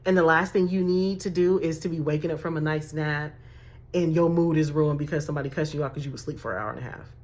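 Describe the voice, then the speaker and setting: A woman's voice: low-pitched, fast, darkish tone. A woman, giving emphatic, sassy dating advice as a life coach with laughing asides. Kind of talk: direct-to-camera advice talk.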